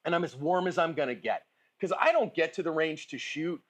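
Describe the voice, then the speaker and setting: A man's voice: fairly high pitch, expressive, a little fast, fairly bright tone. Chatty man coaching on a range. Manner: chatty, informal, asks "right?" and "okay?" often. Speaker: firearms instructor. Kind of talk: casual range instruction. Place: shooting range.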